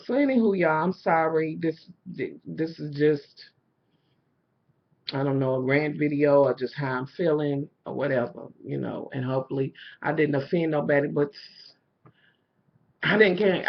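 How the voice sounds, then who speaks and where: A woman's voice: lowish voice, breathy edge, muffled recording. A middle-aged woman vlogging, ranting candidly to her viewers, swearing freely and saying "you know" often. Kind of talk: casual rant to viewers.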